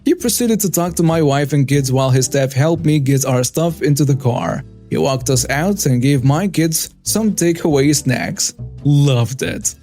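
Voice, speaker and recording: A man narrating a first-person story from a script, his voice pitched a little high for a man but dark and mellow in tone. He keeps an even, steady storytelling pace throughout, with soft music playing faintly behind him. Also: moderate pace, few pauses.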